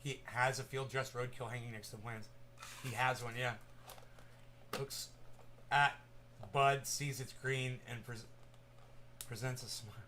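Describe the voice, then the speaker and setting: Man, rambling casual chat, swearing, bright tone, faint background noise. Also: mid-range voice, steady tone, measured pace, long pauses. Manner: rambling, swearing, loud bursts then mumbling. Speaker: cannabis vlogger. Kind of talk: casual stoned chat to viewers.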